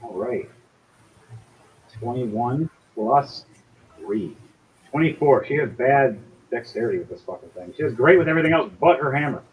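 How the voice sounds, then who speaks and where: A man's voice: medium pitch, expressive, moderate pace, pauses often. A man narrating as game master in casual, profane table talk. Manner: casual, swears freely, voices figures briefly. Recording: slightly dull lo-fi audio, faint hiss.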